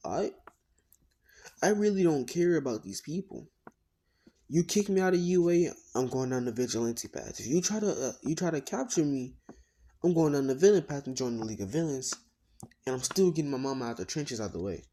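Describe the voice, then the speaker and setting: A man's voice: a little high, lively intonation, brisk, mellow. A man casually narrating a fan-made story, rambling with slang, swearing and asides.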